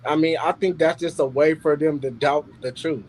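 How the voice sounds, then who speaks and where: A man's voice: on the high side, steady tone, normal speed, poor audio. A man argues in a casual debate. He is insistent, driving his case home with repeated questions. A faint background hum runs under his voice.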